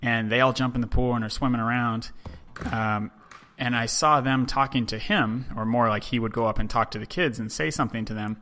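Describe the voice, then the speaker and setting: A man hosting a podcast, telling a story in a relaxed, chatty monologue full of "um" and "you know". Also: mid-range voice, brisk, a little hiss or hum. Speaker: podcast host.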